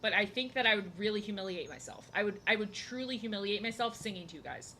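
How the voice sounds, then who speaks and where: A woman's voice: medium pitch, fast talker, sharp tone, a little hiss or hum. A young woman art streamer chatting casually while she draws, rambling and self-deprecating with lots of fillers and restarts.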